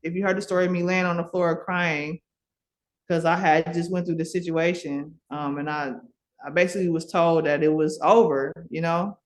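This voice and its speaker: A woman's voice: on the low side, moderate pace. A middle-aged woman from Milwaukee tells her story as a podcast guest. Her talk is loose and casual, full of fillers and restarts, and she keeps breaking into laughter as she goes. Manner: animated, laughs often, many fillers and restarts.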